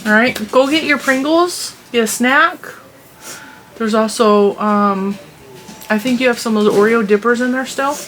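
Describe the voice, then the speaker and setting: A woman's voice: on the high side, measured pace, fairly bright tone. A woman hosting a vlog, chatting casually and teasingly with her child in a motherly way.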